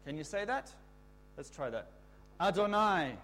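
A man giving a children's talk in church, explaining a word and leading the kids in call-and-response shouts. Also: medium pitch, animated, a little slow, soft background music. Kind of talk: children's sermon.

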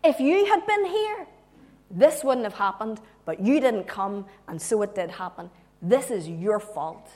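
A woman preacher voicing a grieving woman who bluntly accuses Jesus, slow and forceful. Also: mid-range voice, lively intonation, close to an everyday voice. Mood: accusing.

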